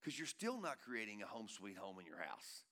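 A man preaching a sermon in a church, swinging between loud urging and hushed tenderness and calling out to the congregation with repeated phrases. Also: lowish voice, very animated, normal speed. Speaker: pastor. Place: church sanctuary.

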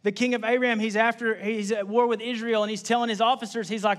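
A young adult man preaching a sermon in a casual, conversational way, repeating key phrases and adding quick asides. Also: high-pitched, steady tone, fairly bright tone. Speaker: pastor.

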